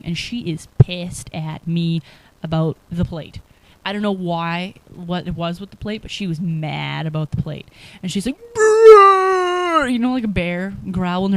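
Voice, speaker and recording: A woman's voice: on the low side, warm tone. A young woman telling a rambling personal story to the camera, laid-back and full of fillers. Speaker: vlogger.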